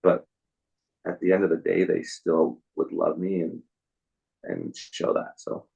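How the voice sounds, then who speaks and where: A young man as a podcast guest, telling his story in a soft, halting way with many restarts. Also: deep voice, very animated, gravelly, slightly rough, poor audio. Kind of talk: casual interview storytelling.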